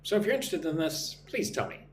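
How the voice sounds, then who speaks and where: An American man leads a live online English lesson in an echoey room with a faint hum. His voice is on the high side with big pitch swings and a quick pace, and he greets viewers by name and drills phrases for them to repeat.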